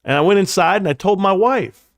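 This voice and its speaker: A man hosting a livestream, telling a long story in a rambling way, jumping high when he acts out quotes and dropping low for asides. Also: brisk, creaky, no echo, clean studio sound. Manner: animated, jumps high in pitch when acting out quotes; rambling, drops to quiet asides. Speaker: livestream host. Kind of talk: casual storytelling.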